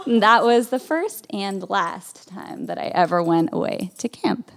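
A woman's voice: medium pitch, a little slow, creaky, heavy background noise. A woman from Berkeley, California telling a personal story in a chatty way, with lots of "like" fillers.

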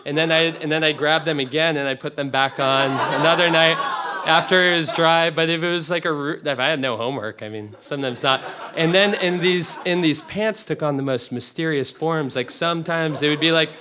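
A man's voice: on the high side, a little fast, background noise. A young man telling a comic personal story to a live audience, rambling and restarting as he laughs through it. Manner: rambling, self-interrupting, laughing often. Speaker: storyteller on stage.

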